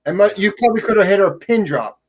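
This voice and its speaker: A man's voice: sits high, lively intonation. Middle-aged man telling sports stories. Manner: halting, many restarts, storytelling. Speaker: podcast co-host. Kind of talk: casual sports chat.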